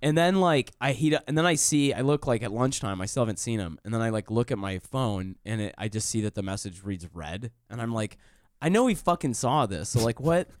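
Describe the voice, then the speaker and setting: A man's voice: lowish voice, a little fast, few pauses, clear, resonant tone, no room sound, clean studio sound. A male comedian telling a story on a podcast, swearing freely and breaking into laughs as he goes. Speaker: comedian guest.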